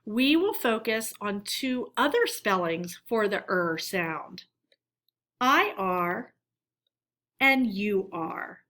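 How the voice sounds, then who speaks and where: A woman teacher giving a recorded phonics lesson for children, reading words aloud slowly and deliberately for them to repeat. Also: medium pitch, very animated, pushed and bright.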